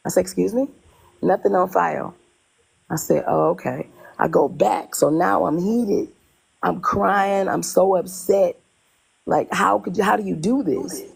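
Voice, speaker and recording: A woman telling a personal story in casual conversation, animated, often repeating herself and acting out what people said. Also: on the low side, measured pace, vocal fry, breathy edge, low-quality recording. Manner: animated, retells dialogue in quotes, repeats herself. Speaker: guest telling her story.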